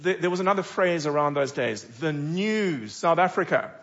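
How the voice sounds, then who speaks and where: A middle-aged man preaching a sermon as a pastor, animated and full of dramatic rhetorical questions. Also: a little high, normal speed, dull audio.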